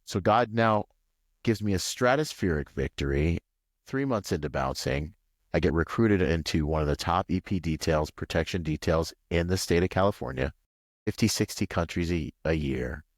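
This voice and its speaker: A man from Washington State, a podcast guest, telling a long personal story in a rambling, animated way full of "like" and "you know.". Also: normal speed, no room sound, studio quality. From Washington State, USA. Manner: acts out quoted voices with pitch jumps. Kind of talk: casual storytelling interview.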